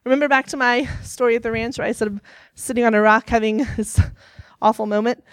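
A woman's voice: fairly high pitch, steady tone, fast, smooth, no echo. A young adult woman giving an earnest sermon, telling a personal story to her listeners. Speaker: youth speaker.

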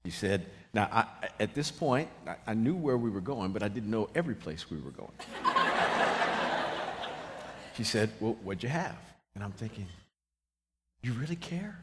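A man preaching and telling a comic story about his marriage, animated and shouting his punchlines, acting out both sides of the conversation. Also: fairly low pitch, measured pace, pauses often. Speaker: pastor. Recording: large hall reverb with clear ambient noise.

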